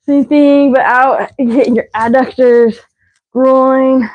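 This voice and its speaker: A woman's voice: high-pitched, fairly even intonation, takes it slowly, lo-fi sound. A woman leading a live workout as fitness instructor, counting reps and cueing stretches while out of breath. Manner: counting reps, breathy and winded between cues.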